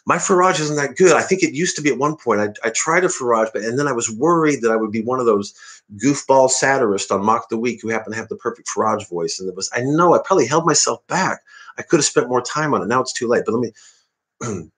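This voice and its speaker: A man's voice: mid-range voice, fast talker, a bit bright. A man from the American Midwest, rambling and digressing through a casual live-stream monologue. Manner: rambling, digressive, self-interrupting. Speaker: comedian hosting a live stream.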